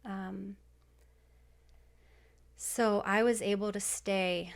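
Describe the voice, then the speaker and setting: A woman's voice: medium pitch, steady tone, slow, creaky, long pauses. A woman in her thirties, a podcast guest, telling a personal story in a heartfelt, emotional way with many fillers.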